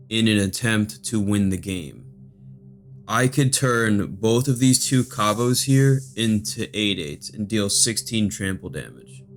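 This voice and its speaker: A man hosting a card game channel, explaining deck strategy in a steady, monotone way. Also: lowish voice.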